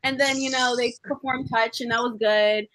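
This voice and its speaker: A young woman chatting casually, telling excitable stories and acting out her own screaming. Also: a little high, moderate pace, heavy background noise. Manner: excitable storyteller, acts out fangirl screams. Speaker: vlogger. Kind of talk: casual chat.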